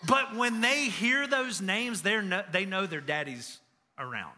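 Bright, earnest high-voiced male preacher. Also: lively intonation, unhurried. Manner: earnest, personal storytelling with repeated phrases. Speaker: pastor. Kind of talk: sermon.

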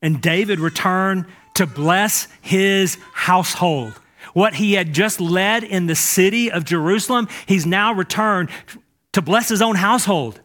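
A male pastor preaching a sermon to a church, impassioned, moving between loud urging and hushed speech. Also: high-pitched, a little slow.

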